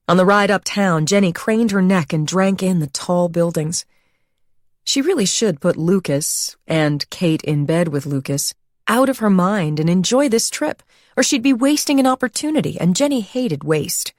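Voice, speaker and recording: A woman reading a thriller audiobook as narrator, in an even, measured storytelling manner. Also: on the low side, dry recording, studio quality. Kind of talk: scripted narration.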